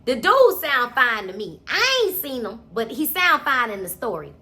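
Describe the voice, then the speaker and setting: A woman's voice: a little high, big pitch swings, moderate pace, pushed and bright, slight background noise. A woman giving a casual, chatty recap of a novel, with lots of cussing and asides to her viewers. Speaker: book reviewer.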